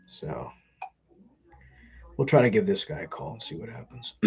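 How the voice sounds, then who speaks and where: A man's voice: mid-range voice, animated, a little slow, gravelly, darkish tone, husky, muffled recording, soft background music. A man hosting a live stream, talking casually and rambling with many ums.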